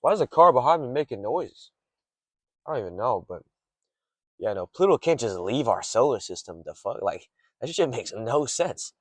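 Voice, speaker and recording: A man's voice: medium pitch, big pitch swings, moderate pace, darkish tone, dry recording. A young man rambling late at night from a parked car in a garage, swearing often and drifting off topic. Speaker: streamer rambling to camera.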